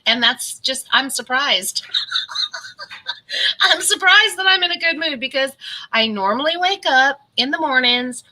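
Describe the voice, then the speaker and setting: A woman's voice: a little high, pushed and bright, poor audio. A middle-aged woman chatting casually on a live stream and greeting viewers by name. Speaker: keto vlogger.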